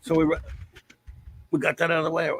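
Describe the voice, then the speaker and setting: A man's voice: fairly high pitch, completely flat delivery, fast talker, a bit bright, slightly rough, no echo. A man co-hosting a casual comic book chat, blunt and opinionated. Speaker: podcast co-host.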